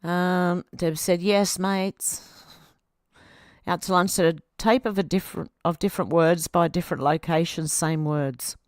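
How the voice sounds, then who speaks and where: An Australian woman hosts a casual live stream, reading viewer comments aloud and reacting in a loose, conversational way. Her voice sits a little low. The sound is dry and close, with no room echo. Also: steady tone, a little slow, darkish tone. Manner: chatty, reads out comments then reacts.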